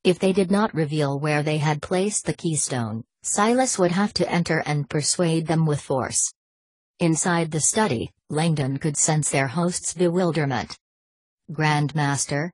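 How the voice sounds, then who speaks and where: A woman narrating an audiobook in a steady, even-paced reading voice. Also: sits low, a little slow, breathy edge, no room sound.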